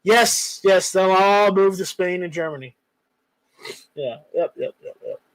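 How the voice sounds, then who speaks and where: A man with a high-pitched voice hosts a casual stream, reading out chat comments and going off on joking tangents. The sound is dry and close, with no room around it. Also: unhurried, no room sound, low-quality recording. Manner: rambling, joking, reads viewer comments aloud. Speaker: livestream host reading chat.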